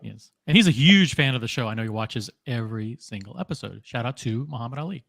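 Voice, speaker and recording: Male panel guest, mid-pitched, upbeat shout-outs, dry close sound. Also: animated, fast, vocal fry, dry recording. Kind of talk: casual livestream chat.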